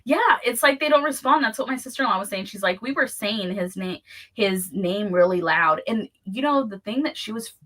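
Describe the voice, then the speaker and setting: Bright-voiced chatty woman co-host. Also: medium pitch, animated, normal speed. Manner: chatty, lots of fillers like "like". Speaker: podcast co-host. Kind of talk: casual chat.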